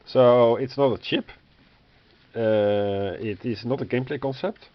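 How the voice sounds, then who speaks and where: A little slow and mid-range in pitch, a man reviews a board game by musing over its rulebook. His voice is going and he keeps coughing; he's hesitant, leans on fillers, and sounds wryly fed up. The recording is dull and lo-fi with faint noise.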